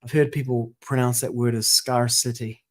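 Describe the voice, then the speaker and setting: A man's voice: medium pitch, darkish tone. Man reading scripture, then checking wording. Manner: careful, pauses to check wording and pronunciation. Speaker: scripture reader and editor. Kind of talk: reading scripture aloud, then casual editing talk.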